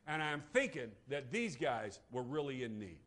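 A man preaching a sermon to his congregation, dropping to a hush and then rising to shouts, calling for amens. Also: mid-range voice, very animated, normal speed. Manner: dramatic preaching, swings from hushed to shouting; calls for amen from congregation. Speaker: pastor. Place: church sanctuary.

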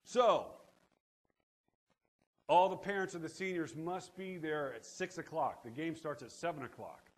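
Middle-aged male pastor, high voice, lively call-and-response preacher. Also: a little slow, long pauses. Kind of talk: sermon.

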